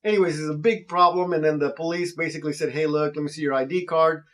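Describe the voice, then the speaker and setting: A man's voice: on the high side, fast. A man, a real estate investor, casually telling a story to camera and acting out the people in it. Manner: animated, acts out quoted voices.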